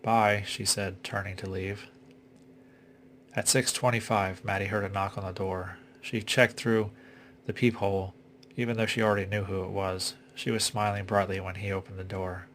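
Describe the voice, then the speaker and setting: A man reading a suspense story aloud in a steady, unhurried way. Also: low-pitched, a little hiss or hum. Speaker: reader. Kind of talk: audiobook story narration.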